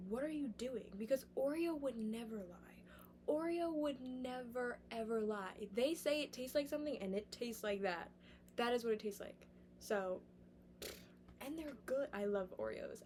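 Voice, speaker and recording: A young woman musing aloud in a casual, rambling vlog monologue, sometimes sliding into soft whispers. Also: fairly high pitch, a little hiss or hum. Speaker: vlogger. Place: indoors, sitting on the floor.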